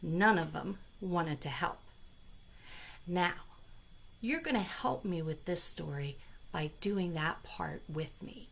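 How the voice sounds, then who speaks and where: Slow, gentle woman librarian reading aloud. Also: lowish voice, lively intonation, gravelly. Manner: gentle, slow and sing-song, speaking to young children. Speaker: children's librarian. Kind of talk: storytime reading for children.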